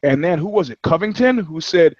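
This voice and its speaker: Brisk and expressive, this podcast co-host has a slightly high voice with a darkish tone. He rambles through anecdotes in casual banter, swearing as he tells his stories, and the dry, slightly dull recording carries no echo.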